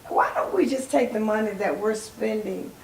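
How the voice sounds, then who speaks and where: A woman's voice: medium pitch, normal speed, a little mellow. An older woman, a soul singer, telling her life story as an interview guest, acting out the voices of people in it. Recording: echoey room, faint noise.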